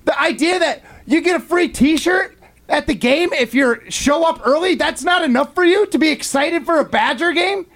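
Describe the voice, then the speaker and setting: A man's voice: extremely high pitch, moderate pace, a bit bright. A man co-hosting a casual sports talk show, talking emphatically and ranting. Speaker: co-host.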